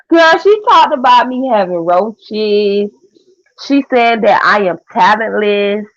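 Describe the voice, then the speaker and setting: A young woman, chatting casually with viewers on a livestream in a sassy, trash-talking way with loud cackling laughs. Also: mid-range voice, animated, slow pace, pauses often, dry recording. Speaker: livestream host. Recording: dull lo-fi stream audio.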